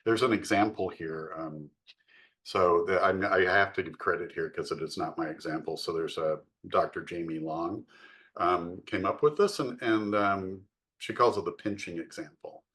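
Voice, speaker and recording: A middle-aged man co-hosting a podcast, explaining in a measured way with frequent fillers. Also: deep voice, fairly bright tone. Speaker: podcast co-host. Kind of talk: podcast discussion.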